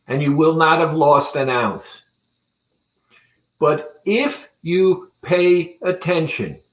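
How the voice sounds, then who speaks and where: A man who runs a weight-loss clinic, talking earnestly and deliberately to viewers in a promotional talk. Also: fairly high pitch, a bit bright. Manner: deliberate, earnest, speaks with pauses. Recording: roomy echo.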